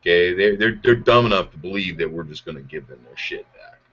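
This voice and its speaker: A man's voice: deep voice, brisk, fairly bright tone, slightly rough. A man hosting a show, ranting angrily and sarcastically with constant swearing. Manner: angry, heavy swearing, sarcastic. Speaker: podcast host. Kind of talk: profane political rant. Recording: muffled lo-fi audio.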